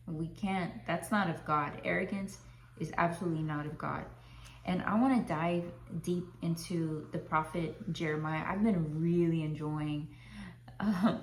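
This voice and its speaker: A woman's voice: on the low side, a little hiss or hum. A woman who works as a Christian life coach gives an earnest faith talk, often repeating herself and drawing out her phrases. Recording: roomy echo.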